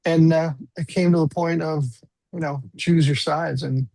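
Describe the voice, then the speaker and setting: Gravelly older man telling stories. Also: on the high side, steady tone, measured pace, darkish tone, dry recording, low-quality recording. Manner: rambling, self-deprecating anecdotes. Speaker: guest musician. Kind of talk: casual storytelling interview.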